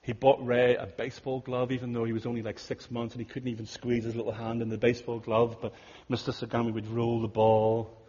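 Husky man preaching in a hall. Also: mid-range voice, completely flat delivery, a little fast. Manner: earnest, conversational, drops to hushed tones. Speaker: pastor. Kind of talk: sermon storytelling. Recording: dull audio in a big reverberant hall.

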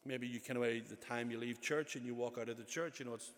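A man's voice: medium pitch, steady tone, a little fast. A male pastor preaching a sermon in a conversational way, with frequent asides and restarts. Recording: long church reverb.

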